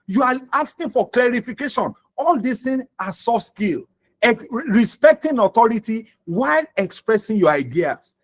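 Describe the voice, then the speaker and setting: A man with a Nigerian accent teaching a soft-skills class as a vocational trainer, repeating key points and acting out sample dialogues. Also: extremely high pitch, animated, moderate pace. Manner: repetitive, acts out example dialogues.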